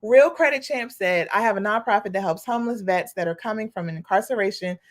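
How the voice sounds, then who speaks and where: A woman's voice: medium pitch, a little fast. A young adult woman hosting a live coaching stream, talking straight to her viewers as "y'all" in a spirited, preachy way and cheering on their comments. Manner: reads viewer comments aloud and cheers them on. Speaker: nonprofit coach hosting a livestream.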